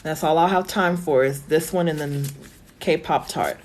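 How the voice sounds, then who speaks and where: A woman reading tarot cards on a live stream, her voice a little low for a woman and starting to go hoarse. She talks in a chatty, reassuring way, musing aloud with plenty of fillers. Faint noise hums behind her phone mic. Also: normal speed, darkish tone. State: voice going hoarse. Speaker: tarot reader.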